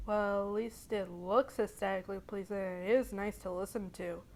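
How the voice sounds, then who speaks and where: A woman's voice: medium pitch, fairly even intonation, normal speed, gravelly. A woman narrating a casual, sarcastic cartoon review as the channel host. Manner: snarky, sarcastic.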